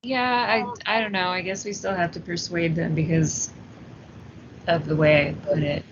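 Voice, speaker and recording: Woman player, lowish voice, dull lo-fi line, faint hiss. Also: fairly even intonation, moderate pace. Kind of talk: casual chat.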